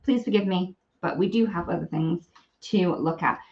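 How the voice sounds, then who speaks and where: A woman's voice: on the low side, moderate pace, a little mellow, highs cut off. A woman demonstrating craft products on a live stream, chatty and apologetic as she works. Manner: chatty, apologetic, talks while working.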